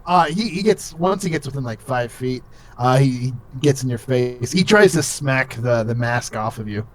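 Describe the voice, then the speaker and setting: A man's voice: medium pitch, expressive, normal speed, slight background noise. A young man runs a tabletop game as its game master, describing scenes in a loose, rambling way. He fills his narration with "um" and "like" and keeps an easy, offhand tone. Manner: casual, rambling, full of fillers.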